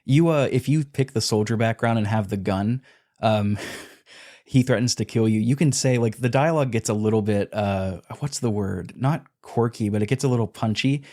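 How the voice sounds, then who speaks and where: A man's voice: on the low side, moderate pace, dark tone. A man on a podcast, casually retelling video game quests and acting out character lines as he goes. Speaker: podcast co-host.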